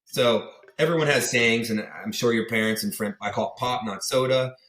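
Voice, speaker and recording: In a relaxed interview chat, this podcast guest, a young man from around Pittsburgh, USA, meanders through anecdotes full of filler words, imitating whoever he's quoting. He speaks at a normal speed in a mid-range, slightly bright voice, with a roomy sound.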